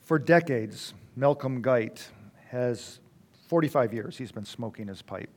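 A man speaking to an audience, telling a personal story in a reflective way with halting restarts. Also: mid-range voice, lively intonation, a little mellow.

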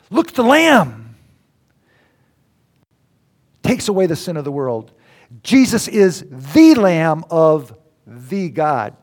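A middle-aged man preaching a sermon, swinging between loud exclamations and near whispers. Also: sits high. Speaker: pastor.

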